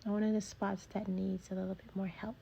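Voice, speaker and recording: A woman's voice: medium pitch, level tone, a little fast, gravelly, mellow, dull audio, slight background noise. A woman narrating her own craft video in a casual voiceover, chatty and enthusiastic, often repeating her praise. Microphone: voiceover mic.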